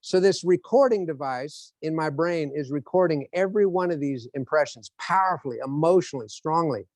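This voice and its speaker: Animated male motivational speaker. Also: a little high, a little fast, dry recording. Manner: animated storytelling, acts out scenes. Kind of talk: motivational lecture.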